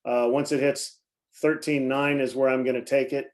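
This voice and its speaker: A man walks through the morning's trades in an easygoing, rambling way, stumbling over words and restarting often. He keeps clearing his throat and coughing between points as he talks into a computer mic. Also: medium pitch, flat delivery, moderate pace, a little mellow. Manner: rambling, many fillers and self-corrections. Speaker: market commentary host. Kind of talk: casual live market commentary.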